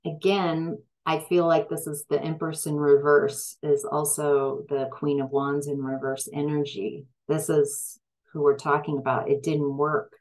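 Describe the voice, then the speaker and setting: A tarot reader gives a reading in a low, level-toned voice with a darkish quality, speaking a little slowly with few pauses. She hesitates, filling her speech with fillers and restarts, and turns emphatic when frustrated. The recording quality is rough.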